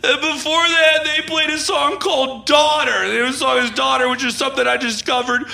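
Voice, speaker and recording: A man playing a heartbroken male radio DJ who is shouting through tearful laughter on air. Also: very high voice, steady tone, moderate pace, vocal fry, heavily acted. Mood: tearful manic. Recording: echoey room with loud ambience.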